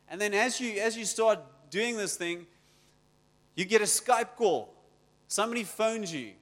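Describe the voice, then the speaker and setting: Male preacher, fairly high voice, storytelling, echoing hall. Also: moderate pace, a bit bright. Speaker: pastor. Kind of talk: sermon.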